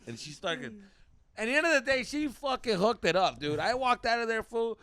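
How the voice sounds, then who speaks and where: A man hosting a podcast, telling stories casually, animated and profane, slipping into Spanish slang. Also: sits high, brisk, no room sound. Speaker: podcast host. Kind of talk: casual storytelling.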